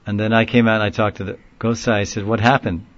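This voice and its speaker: A man telling a long story in a casual, rambling way, often laughing and getting animated when he quotes people. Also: lowish voice, fast, lo-fi sound. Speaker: speaker recounting a story in a class. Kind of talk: informal storytelling talk.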